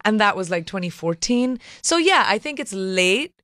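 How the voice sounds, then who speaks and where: A woman's voice: medium pitch, very animated, normal speed, fairly bright tone, dry recording, clean studio sound. A woman in her thirties with a modern Indian English accent, a guest on a radio interview, speaking earnestly and with emphasis.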